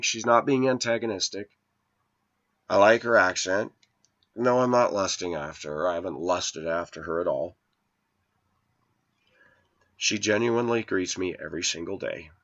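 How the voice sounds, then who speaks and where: A man in his forties with a fairly low voice delivers a meandering personal monologue to his viewers. He tells his stories in an earnest, aggrieved tone. The sound is dull and lo-fi. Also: a bit bright. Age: 40s. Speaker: vlogger. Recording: dull lo-fi recording.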